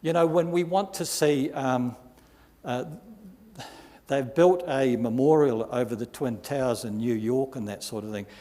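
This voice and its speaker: A man preaching a sermon in a church hall, his voice mellow and warm. He reads scripture aloud with mounting force and drags out the key words for emphasis. A long reverb trails after him through the hall. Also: mid-range voice, unhurried. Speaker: pastor.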